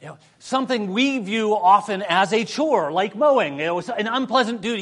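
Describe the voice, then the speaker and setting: A male pastor preaching a sermon, telling a humorous personal story and moving between soft prayer and lively emphasis. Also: high-pitched, normal speed.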